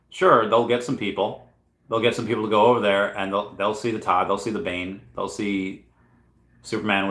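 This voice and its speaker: A man with a lowish voice talks casually on a livestream, drifting between thoughts and stopping to correct himself. The room around him is noticeably echoey. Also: fairly bright tone. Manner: rambling, self-correcting, thinking aloud. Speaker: channel host answering chat questions. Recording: roomy echo.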